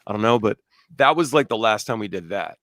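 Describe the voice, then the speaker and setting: Podcast host, man in his 30s, low voice, very dry close sound, loose rambling storyteller. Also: animated, quick pace, a bit bright, no room sound. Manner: rambling storyteller, swears casually. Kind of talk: casual chat.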